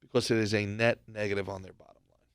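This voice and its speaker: A man from New Jersey co-hosting a podcast, telling stories in an animated, profane way and acting out quotes. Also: fairly low pitch, quick pace, smooth, no room sound, clean studio sound. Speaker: podcast co-host. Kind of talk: casual podcast chat.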